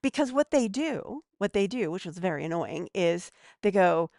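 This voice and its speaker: A woman's voice: fairly low pitch, very animated, moderate pace, vocal fry, darkish tone, no room sound, studio quality. A woman giving casual advice as a podcast guest, chatty and a bit snarky.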